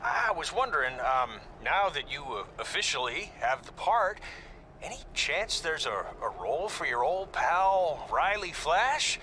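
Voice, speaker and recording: An actor voicing an eager, pushy wannabe actor in a video game, leaving a voicemail. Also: male voice, on the high side, very animated, unhurried, sharp tone, a little hiss or hum, exaggerated voice.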